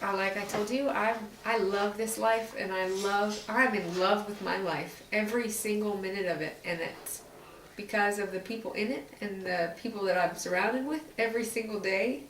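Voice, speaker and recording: A woman speaking earnestly and from the heart in a personal interview, with halting restarts. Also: mid-range voice, steady tone. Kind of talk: personal oral-history interview. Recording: echoey room, distant mic, faint noise.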